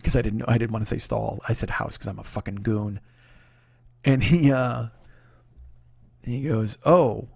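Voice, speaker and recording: A man hosting his own comedy show, telling a long story in a profane, animated, self-deprecating way. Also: fairly low pitch, moderate pace, gravelly, pauses often, slightly rough, dry recording, studio quality. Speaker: comedian host. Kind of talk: comic storytelling monologue.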